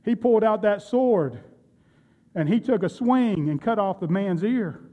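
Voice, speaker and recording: A man's voice: high-pitched, animated, measured pace, phone-quality sound. A man preaching a sermon, retelling Bible stories and speaking directly to his congregation. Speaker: pastor.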